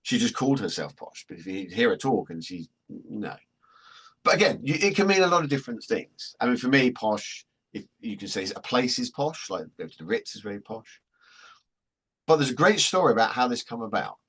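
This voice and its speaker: A man with a husky voice, presenting a workshop in a chatty, joking storytelling way. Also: mid-range voice, sing-song, fairly quick, fairly bright tone. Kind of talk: anecdotal workshop talk.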